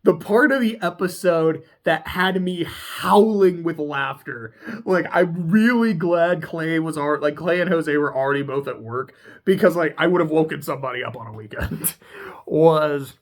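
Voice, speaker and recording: A speaker casually recapping a TV episode, excitable and profane, laughing often. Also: medium pitch, moderate pace. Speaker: TV show reviewer.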